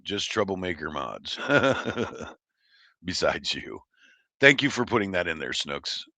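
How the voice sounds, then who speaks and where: A man's voice: low voice, sing-song, slow pace, gravelly, bright, forceful tone, no echo. A man from Oregon hosting a livestream, chatting casually and reading chat in a rambling, blunt, profane way. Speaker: livestream host.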